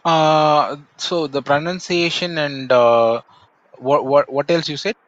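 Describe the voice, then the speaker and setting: A man's voice: fairly high pitch, a bit bright, muffled recording. Indian man with a Tamil accent, thoughtful. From Tamil Nadu, India. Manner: measured, thoughtful, many pauses and "uh" fillers. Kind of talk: casual conversation.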